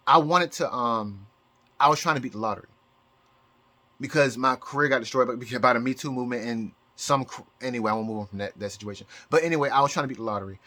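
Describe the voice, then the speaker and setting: Halting, emotional bright-voiced man. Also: medium pitch. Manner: halting, with many repeated words and restarts. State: emotional, near tears. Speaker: astrology YouTuber. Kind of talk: rambling personal monologue.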